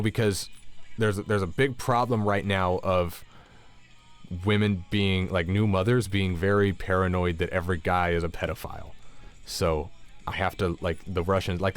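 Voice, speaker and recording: A man vlogging in casual storytelling mode, swearing freely and acting out what people said. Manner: animated, swears a lot, acts out quotes with raised pitch.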